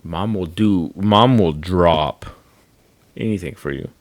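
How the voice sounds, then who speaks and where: Low-voiced guy in his 30s, podcast chat, blunt and swears a lot, acts out what people said. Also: slow, dry recording. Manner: candid, swearing, acts out quoted dialogue. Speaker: podcast co-host. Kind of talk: casual chat.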